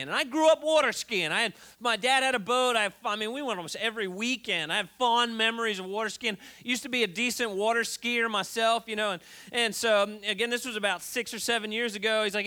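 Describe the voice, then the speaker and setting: A man preaches to his church in a loose, conversational way, full of "uh"s and restarts. His voice sits very high for a man. It has a forceful, bright edge. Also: brisk. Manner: conversational, storytelling with many fillers and restarts. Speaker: pastor. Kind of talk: sermon.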